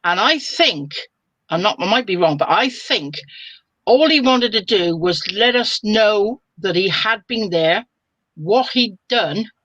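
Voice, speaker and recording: An older woman, a spiritual medium telling a story in a chatty, lively way over a video call. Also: mid-range voice, takes it slowly, no echo, muffled recording. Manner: chatty and lively, with colloquial exclamations. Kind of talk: casual storytelling on a live video chat.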